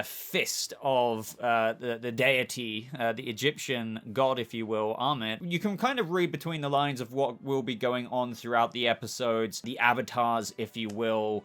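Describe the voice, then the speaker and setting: A man's voice: mid-range voice, a bit bright. A man with a British accent hosting a chatty, upbeat video review of a TV episode. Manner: chatty, upbeat, keeps saying "if you will". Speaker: TV show reviewer, channel host. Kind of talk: casual spoken video review.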